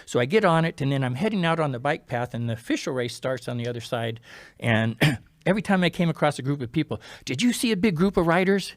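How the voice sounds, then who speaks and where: A man, a guest on a talk show, tells a personal story in a lively way, acting out the other people's lines and dropping to a hush at key moments. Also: medium pitch, fast talker, dry recording. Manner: animated, acts out quoted dialogue; drops to a quiet, hushed tone at key moments. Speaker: podcast guest. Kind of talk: storytelling in casual interview.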